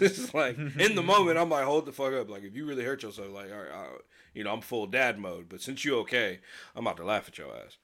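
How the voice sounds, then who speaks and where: A man chatting casually in a film review, telling stories in a slangy, animated way. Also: medium pitch. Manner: animated storyteller, slangy, laughs at own tales. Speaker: podcast co-host.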